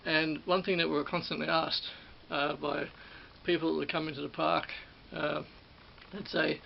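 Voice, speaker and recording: Casually recalling his former job running rides, a middle-aged man from Australia rambles and keeps repeating and correcting himself. His voice is on the high side with vocal fry and little pitch movement, at a moderate pace. The recording is dull and has a faint hiss.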